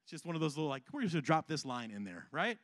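A man's voice: a little high, big pitch swings, racing, a bit bright, dry recording. A male pastor preaching a sermon in a conversational, humorous way, reading scripture and often checking in with his listeners.

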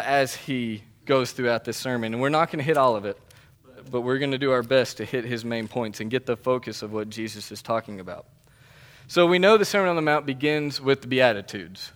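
A man's voice: mid-range voice, a little fast. A man delivering a sermon as a pastor, speaking in an earnest, conversational way with emphatic repetition.

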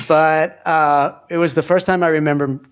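A man hosting an interview podcast, talking in an animated way and laughing often. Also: a little high, normal speed, smooth. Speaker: podcast host. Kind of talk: conversational interview.

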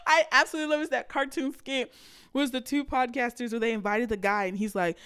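A woman's voice: high voice, normal speed, fairly bright tone. A woman hosting a podcast, ranting bluntly and profanely in a casual monologue and mocking the people she quotes. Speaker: podcast host.

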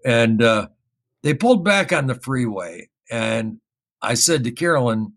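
Gravelly, husky-voiced man telling a story. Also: mid-range voice, a little slow. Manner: rambling, repeats words, animated when quoting others. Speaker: guest recounting an experience. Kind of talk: casual spoken storytelling.

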